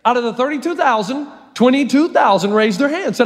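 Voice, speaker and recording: A man with a high voice preaches a sermon, telling the story in a lively way with humor and acted-out voices. His voice carries a long reverb from a large hall. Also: a little fast. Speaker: pastor.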